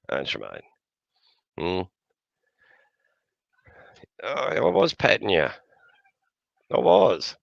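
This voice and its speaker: A man's voice: very deep voice, creaky, fairly bright tone, dry recording. An older man with an Australian accent, hosting a livestream in casual, rambling chat and talking fondly to his dog. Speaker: livestream host. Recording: dull, lo-fi sound.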